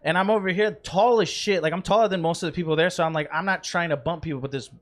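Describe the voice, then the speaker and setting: High-voiced young man telling a rambling story. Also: quick pace. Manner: rambling, profane anecdote-telling with laughs. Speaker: podcast co-host. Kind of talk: casual chat, storytelling.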